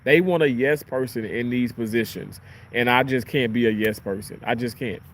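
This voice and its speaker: A young man working as a surgical tech, telling work stories in a casual, animated vlog chat and swearing freely. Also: mid-range voice, moderate pace, slight background noise.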